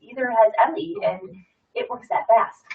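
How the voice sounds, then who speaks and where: A woman's voice: a little high, moderate pace. Brief: woman in her 30s, rambling storyteller, distant and muffled sound. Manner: chatty storyteller, many fillers and restarts. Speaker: guest sharing a testimonial. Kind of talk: casual chat. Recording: muffled audio from far off the mic.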